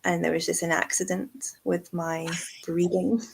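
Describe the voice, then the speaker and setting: A Scottish woman co-hosting a casual whisky chat, chatty and self-mocking, laughing often, with a squeaky voice. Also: little pitch movement, unhurried, creaky, a little hiss or hum. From Scotland. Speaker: whisky shop co-host.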